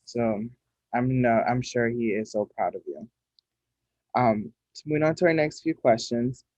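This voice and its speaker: A man interviewing a guest over a video call, gentle and hesitant with many pauses. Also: mid-range voice, no echo. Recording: dull dry video-call audio.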